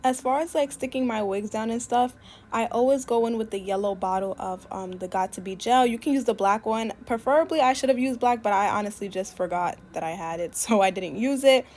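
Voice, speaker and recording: A young woman giving a casual voice-over for a wig tutorial, talking fast and packing in "like" and other fillers. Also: fairly high pitch, darkish tone, a little hiss or hum. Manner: chatty, fast, many "like" fillers. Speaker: beauty YouTuber. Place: home, voice-over recorded separately.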